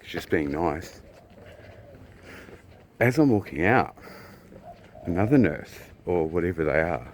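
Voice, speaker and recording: A man from New Zealand telling a personal story in a blunt, profane, casual way, often clearing his throat. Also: deep voice, lively intonation, unhurried, long pauses, a little hiss or hum.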